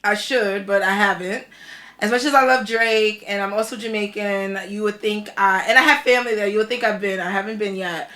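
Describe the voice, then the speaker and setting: A woman hosting a podcast in casual chat, talkative and animated, often exclaiming. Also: mid-range voice, a little fast. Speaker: podcast host.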